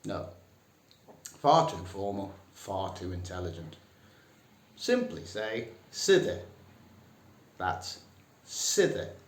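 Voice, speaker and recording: A man teaching a comic lesson, dry and mock-serious, putting on higher voices for the phrases he quotes. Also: lively intonation, takes it slowly, long pauses. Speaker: English teacher. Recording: echoey room.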